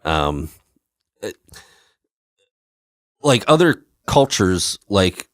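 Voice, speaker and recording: A man's voice: deep voice, sing-song, very slow, no echo, studio quality. A man co-hosting a podcast in casual chat, rambling with many fillers and frequent laughs. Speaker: podcast co-host.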